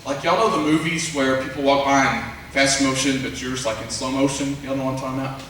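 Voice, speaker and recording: A man preaching a revival sermon in a church, telling stories with animated energy and talking straight to the congregation. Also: medium pitch, brisk, recorded from a distance, slight background noise. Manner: animated storytelling, addresses congregation directly. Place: church sanctuary. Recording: very echoey church sound from afar.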